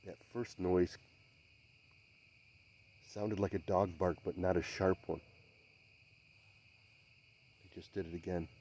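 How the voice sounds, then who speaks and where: A man investigating the woods by a swamp at night, speaking in a hushed, halting, searching way and sometimes calling out loudly. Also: deep voice, fairly even intonation, a little hiss or hum. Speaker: field investigator. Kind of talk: night field investigation commentary.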